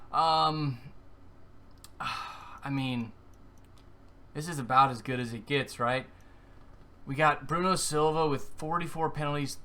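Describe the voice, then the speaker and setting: A man commentating his own football video game match, swinging from calm play-by-play to excited yelling. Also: fairly high pitch. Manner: excitable, screams at goals, then deflated and muttering. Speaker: gaming YouTuber. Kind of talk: live gameplay commentary.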